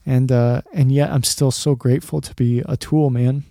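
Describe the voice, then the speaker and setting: A man in his thirties talks earnestly to his podcast listeners, rambling a little and saying "man" a lot. His voice is gravelly and mellow, with a mid-range pitch. The sound is dry and close. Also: fairly even intonation, normal speed, no echo. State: choked up, emotional. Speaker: podcast host. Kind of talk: heartfelt podcast monologue.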